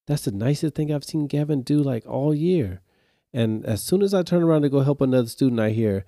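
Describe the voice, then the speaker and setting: A man's voice: medium pitch, lively intonation, fast, warm tone, dry recording, clean studio sound. A man hosting a podcast, retelling a story casually and animatedly, with growing exasperation. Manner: speaks straight to listeners in slang. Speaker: podcast host.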